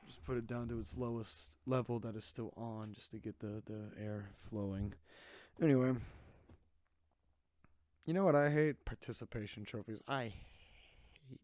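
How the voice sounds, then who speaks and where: A young man hosts a solo podcast in a small room, rambling sarcastically and jumping between tangents. His voice is dark and mellow and sits in the middle of the male range. The sound is dry and close, with no room echo. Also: medium pitch. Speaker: podcast host. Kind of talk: casual solo podcast rant. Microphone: desk microphone.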